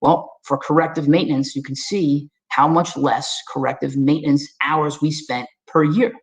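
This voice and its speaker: Energetic man with a New York accent. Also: on the high side, normal speed, low-quality recording. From Staten Island, New York. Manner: energetic, folksy, conversational, addresses audience directly. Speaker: webinar guest presenter. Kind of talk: presenting slides in a webinar.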